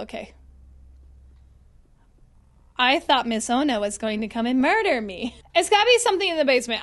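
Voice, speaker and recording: Woman streamer, squeaky and excitable, high bright voice, live game commentary. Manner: excitable, chatty, talks to chat.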